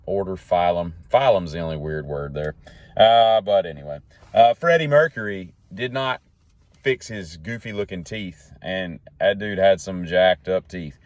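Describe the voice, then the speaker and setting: Male solo host, folksy and tangent-prone, low-pitched, dry recording. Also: no room sound. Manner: jokey, tangent-jumping, folksy. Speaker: podcast host. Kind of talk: rambling solo monologue.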